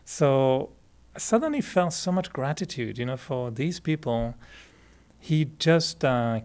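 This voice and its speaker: A man with a French Canadian accent, a native French speaker, teaching meditation in a relaxed, chatty way, laughing often and restarting sentences. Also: mid-range voice, unhurried. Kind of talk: relaxed spoken talk to a group.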